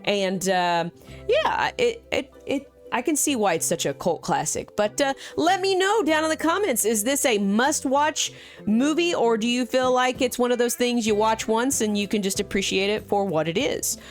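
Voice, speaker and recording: Woman, movie review host, lively sing-song pitch, chatty, faint music behind. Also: moderate pace. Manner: animated, chatty, with fillers.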